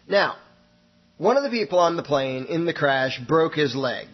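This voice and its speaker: A man's voice: medium pitch, animated, moderate pace, muffled recording. A man hosting a radio show, telling a folksy parable and acting out its characters. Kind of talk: storytelling monologue.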